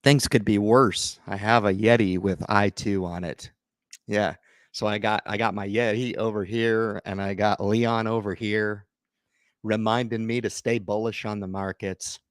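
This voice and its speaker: A man's voice: on the low side, fairly even intonation, unhurried, dry recording, studio quality. A middle-aged man hosting an investing livestream, chatting casually and rambling, talking straight to his viewers. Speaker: investing channel host.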